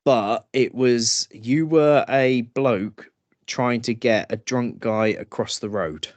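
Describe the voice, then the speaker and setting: A man co-hosting a casual podcast, telling stories slowly and laughing often. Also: medium pitch, dry recording. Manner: slow, laughing storytelling with acted drunk voices. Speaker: podcast co-host. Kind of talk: casual chat.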